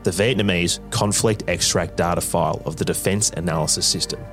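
Deep-voiced male documentary narrator. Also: fairly even intonation, brisk, fairly bright tone, faint music behind. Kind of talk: scripted narration.

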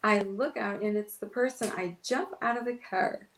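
A woman's voice: medium pitch, moderate pace, reverberant, slight background noise, low-quality recording. A woman pastor telling an emotional personal story in an interview, acting out her own past words. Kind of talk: testimony in an interview.

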